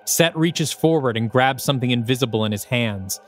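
A man's voice: mid-range voice, normal speed, soft background music. A man, the host of a podcast, reading his own screenplay aloud with dramatic, descriptive present-tense narration.

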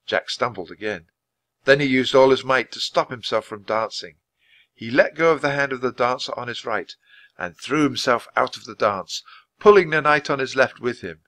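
A man reads a children's storybook aloud with clear, measured delivery meant for English learners. His voice is bright and forceful, and his pitch rises and falls in lively swings. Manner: clear, expressive, measured reading. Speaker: storybook reader. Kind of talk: reading a children's book aloud for ESL learners.

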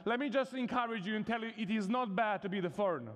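High-voiced Serbian-accented preacher in a reverberant hall. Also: male voice, quick pace, fairly bright tone. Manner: conversational and humorous, many "you know" fillers. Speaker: guest preacher. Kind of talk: sermon. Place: chapel hall at a university vespers service. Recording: long reverb of a large hall.

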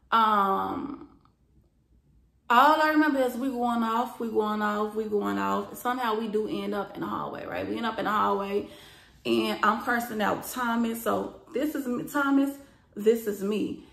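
A young woman telling a profane storytime vlog, acting out the quoted lines loudly and with lots of emotion. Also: medium pitch, measured pace, vocal fry, echoey room. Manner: animated, profane, acts out quoted lines with rising loudness.

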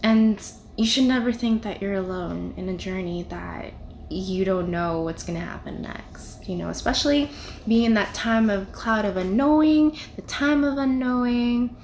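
A woman's voice: mid-range voice, normal speed, a little mellow, a little hiss or hum. A young woman giving a casual devotional talk, conversational and full of "you know" and "like". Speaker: devotional video speaker.

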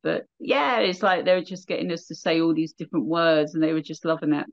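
Chatty English woman, slightly low voice. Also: fairly even intonation, brisk, muffled recording. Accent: Southern English. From England, near London. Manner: chatty, laughing storyteller. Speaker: radio DJ guest. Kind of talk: casual chat.

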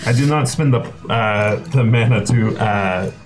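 Guy at a tabletop game, talks in stops and starts, faint music behind. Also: fairly low pitch. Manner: halting, lots of fillers and restarts. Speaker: player. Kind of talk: casual tabletop play.

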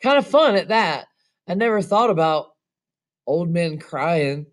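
Woman reader as a low, drawling young outlaw, thoughtful. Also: natural voice. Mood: brooding. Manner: slow and meditative. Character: slow, brooding young male outlaw.

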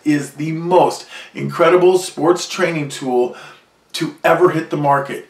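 A man delivering a proud, boastful self-promotional vlog monologue about his invention. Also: a little high. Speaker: inventor and vlogger. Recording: echoey room, distant from mic.

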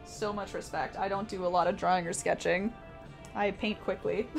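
A woman's voice: mid-range voice, fairly even intonation, moderate pace, vocal fry, faint music behind. A young woman from Canada chatting casually with her live-stream audience as she paints, reading messages aloud and laughing often. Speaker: art streamer.

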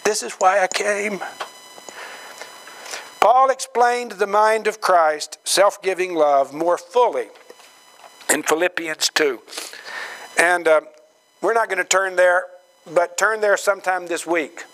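Slow, high-voiced male preacher. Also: fairly bright tone, poor audio. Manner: dramatic, acts out quoted voices with big pitch swings; slow, emphatic phrasing. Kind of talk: sermon. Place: church gathering hall.

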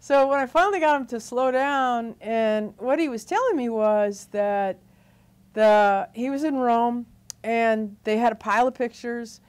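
A middle-aged woman, a photographer telling her story in an interview, animated and full of fillers and restarts. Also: fairly high pitch, unhurried, clean tone. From Louisiana.

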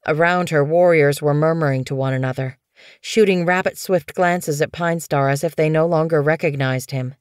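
A woman narrating an audiobook in a steady, even storytelling manner. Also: sits low, normal speed, clean tone, dry recording, studio quality. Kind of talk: scripted narration.

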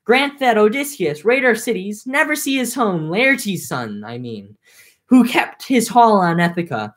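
A woman voicing a blinded, vengeful one-eyed giant in an amateur read-aloud of an epic. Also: unhurried. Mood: cursing. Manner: read aloud with plain lively pitch.

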